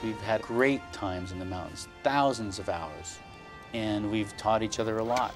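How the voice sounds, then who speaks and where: A man tells of a climbing ordeal in a documentary interview, reflective and halting at times. His voice sits a little low. Loud music runs under his words.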